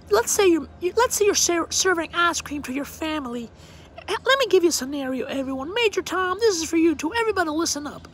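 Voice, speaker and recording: A man putting on a prim Southern lady's high voice. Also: fairly bright tone, a little hiss or hum, full character voice. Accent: Savannah Southern put-on. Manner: bossy, matter-of-fact drawl. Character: prim high-voiced Southern woman giving tough love. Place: outdoor deck.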